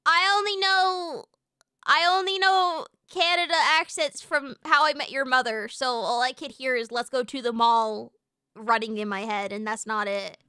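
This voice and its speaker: Bright sharp-voiced streamer lady from the states, ranting + swearing, playful. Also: a little high, steady tone, moderate pace, smooth, no echo, clean studio sound. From United States. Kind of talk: casual livestream chat.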